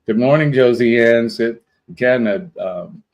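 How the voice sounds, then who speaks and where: A man's voice: mid-range voice, a little slow, a little mellow, poor audio. Rambling man hosting a live stream. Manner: rambling, greeting viewers one by one. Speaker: livestream host. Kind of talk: casual live-stream chat.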